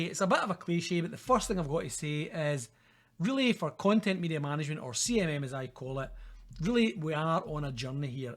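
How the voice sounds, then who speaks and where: A middle-aged Scottish man lecturing to students in a casual, conversational way. His voice sits a little high for a man, and he keeps checking in with his listeners as he talks. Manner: chatty, informal, peppered with "okay?" and "guys". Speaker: university lecturer. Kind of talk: recorded lecture.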